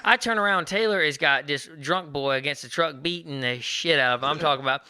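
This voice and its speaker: Man, casual podcast storyteller, very fast, smooth and sharp. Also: a little high, no echo, studio quality. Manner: fast, animated storyteller, acts out quotes. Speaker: podcast co-host.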